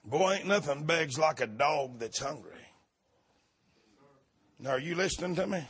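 A man preaching a fervent sermon, often breaking into shouts. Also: a little high, expressive, measured pace, slightly rough.

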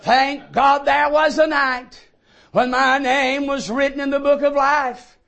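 A man preaching a fervent old-time sermon in a very high voice. He speaks slowly and deliberately, then rises into ringing shouts of praise. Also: level tone, gravelly.

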